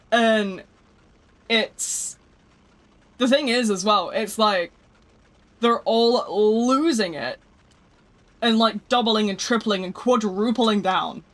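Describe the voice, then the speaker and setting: A young woman chatting casually on a live stream. She is animated, swears often and keeps laughing. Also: mid-range voice.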